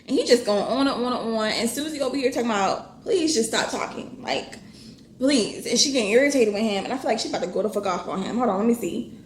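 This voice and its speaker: A woman's voice: on the high side, very fast. A woman, chatting casually in a reading vlog, reading passages aloud and reacting with swearing and exclamations. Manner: animated, swears freely, bursts of laughter and exclamation. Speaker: book vlogger. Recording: echoey room with faint background noise.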